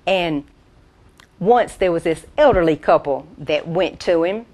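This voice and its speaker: A woman's voice: lowish voice, unhurried, darkish tone. A woman, telling down-home country jokes as a stand-up comedian and voicing the characters in them. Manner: tells down-home jokes, voices quoted characters. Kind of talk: folksy stand-up storytelling.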